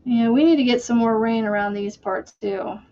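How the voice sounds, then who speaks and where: A woman's voice: on the high side, mellow, muffled recording. A woman hosting a crochet channel, chatting casually and rambling while she works. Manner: slow, rambling, chatty with fillers.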